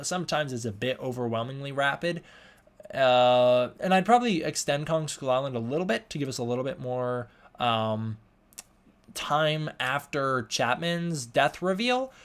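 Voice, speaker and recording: This young man runs a live stream where he reads out chat questions in casual talk, often tripping over words and starting over. His voice is on the high side with a fairly bright tone.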